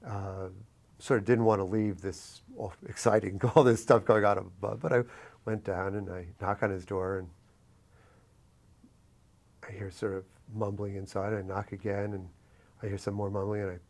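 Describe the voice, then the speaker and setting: A man from New York City telling a personal story in an oral history interview, reflective and lively, with many fillers. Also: lowish voice, moderate pace. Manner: reflective, animated anecdotal telling with frequent fillers.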